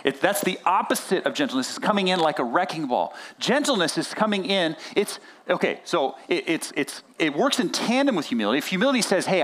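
Animated male pastor preaching. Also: fairly high pitch. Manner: animated, conversational, acts out quoted dialogue. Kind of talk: sermon.

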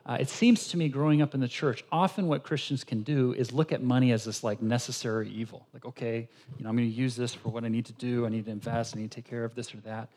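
A male pastor preaching a sermon, telling stories with animated quoted dialogue. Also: medium pitch.

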